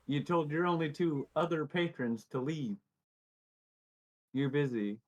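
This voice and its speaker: A man's voice: a little high, slow. A man playing a tabletop game, teasing and poking at the other characters. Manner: teasing, likes to poke at people. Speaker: player. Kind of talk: tabletop role-play in character. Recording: dull lo-fi audio.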